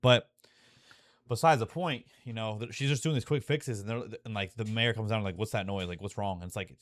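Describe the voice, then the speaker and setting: A man's voice: mid-range voice, brisk, no echo. A young man talking casually and profanely, full of fillers and restarts, growing emotional and intense as he goes. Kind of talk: casual rambling monologue.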